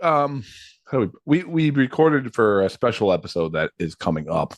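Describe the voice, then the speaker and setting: A man's voice: on the low side, very animated, normal speed, no echo. A man hosting a podcast, chatting loosely and laughing easily, with many restarts. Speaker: podcast host. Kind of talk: casual chat.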